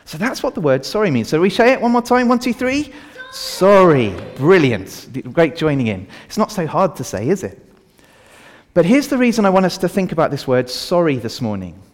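Speaking at a normal speed in a slightly high voice, a man leads an all-age service in an echoey church hall. He puts questions to the congregation with animation and guides them in prayer.

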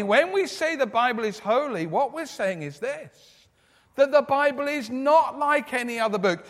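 Animated man giving a children's talk. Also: extremely high pitch, moderate pace. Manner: animated, asks children questions. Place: church. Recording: echoey church hall.

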